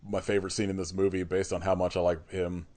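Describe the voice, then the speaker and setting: A man's voice: low voice, little pitch movement, quick pace, a little mellow. A man co-hosting a podcast, chatting casually about horror movies, swearing freely and laughing often. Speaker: podcast co-host. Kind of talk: casual chat.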